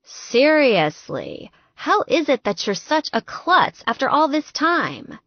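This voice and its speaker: A woman's voice: high-pitched, huge pitch swings, dry recording, lo-fi sound, voice pushed up, heavily acted. A woman doing a bossy, exasperated friend. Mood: scolding. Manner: brisk, scolding, raised voice.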